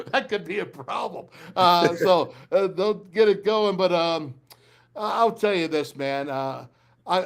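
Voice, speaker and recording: Fired-up older man hosting sports talk. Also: a little high. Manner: fiery, rambling, pep-talk delivery. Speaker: sports talk show host.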